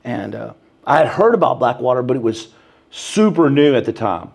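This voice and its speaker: A man in his thirties speaks with a creaky, medium-pitched voice at a moderate pace, a podcast guest in a casual storytelling interview. He's animated and laid-back, saying "bro" and "man" again and again and raising his voice to play out quotes.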